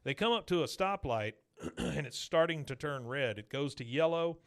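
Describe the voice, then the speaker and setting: Pitched on the high side and talking at a normal speed, a man hosts a podcast and casually goes over an episode. He brings the story to life by acting out the quotes.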